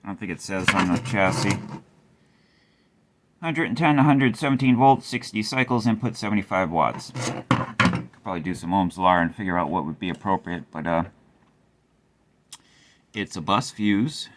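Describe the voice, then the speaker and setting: Deep-voiced middle-aged amp tech, wry and rambling, faint hum in the room. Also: male voice, moderate pace, pauses often. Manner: rambling, wry, swears casually. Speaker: amplifier repair host. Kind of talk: casual workshop tutorial.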